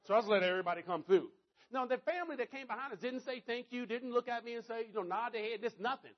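A man's voice: fast talker, highs cut off. A middle-aged man giving a motivational talk to a live audience, telling stories and acting out both sides of the dialogue. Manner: animated, pitch rising sharply when excited. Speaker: motivational speaker.

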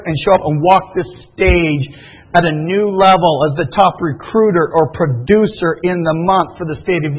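A man hosting a sales event, telling stories in an energetic motivational stage talk full of fillers. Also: high voice, breathy edge. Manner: energetic, storytelling, many fillers. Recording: phone-like lo-fi sound.

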